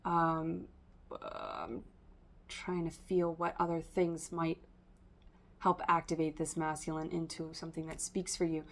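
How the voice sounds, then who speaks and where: A woman's voice: low voice, expressive, a little slow, creaky. Woman tarot reader talking straight to camera, loose and rambling, full of "um" and "like". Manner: rambling, stream-of-consciousness, many fillers. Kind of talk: casual spiritual reading to camera.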